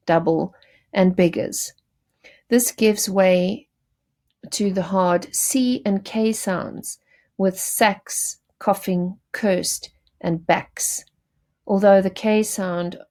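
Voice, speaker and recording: A woman with a darkish, lowish voice teaches poetry in a recorded lesson. She explains things to her students directly, pausing on fillers and correcting herself as she goes.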